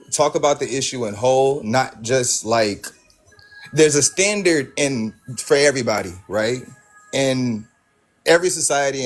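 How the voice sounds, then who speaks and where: A man from the United States speaking as a panel guest on a phone, hesitant and full of pauses. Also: medium pitch. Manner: hesitant, full of ums, loses his train of thought.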